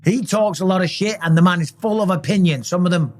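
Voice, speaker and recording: A man in his forties hosts a casual reaction commentary, speaking fast in a high voice. He's emphatic and likes to drive points home by tagging lines with "okay?" Background noise can be heard.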